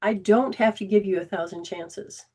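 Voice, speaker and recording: A woman's voice: medium pitch, moderate pace, breathy edge. Earnest woman hosting a spiritual talk. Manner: conversational, earnest, with frequent restarts and asides; acts out remembered dialogue in lively quoted voices. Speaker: host and spiritual healing coach. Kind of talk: spiritual self-help talk.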